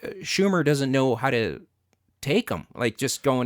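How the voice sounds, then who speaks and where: A man's voice: mid-range voice, a little slow, no room sound, studio quality. A man hosting a casual chat, talking bluntly and profanely, with lots of fillers and restarts. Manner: blunt and profane, animated rants. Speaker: podcast host.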